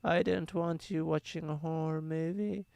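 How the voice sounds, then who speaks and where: A man's voice: on the high side, steady tone, moderate pace, gravelly, darkish tone, dry recording, voice pushed up. A man putting on the voice of a fussy, disapproving old grandmother, with a quavery, scolding delivery.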